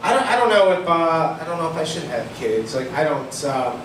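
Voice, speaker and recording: A man's voice: fairly high pitch, sing-song, brisk. Self-mocking stand-up man from Cleveland. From Ohio, Cleveland. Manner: rambling, self-mocking, laughing through lines. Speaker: stand-up comedian. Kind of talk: stand-up set. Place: comedy club stage. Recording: echoey room mic heard from far, noisy.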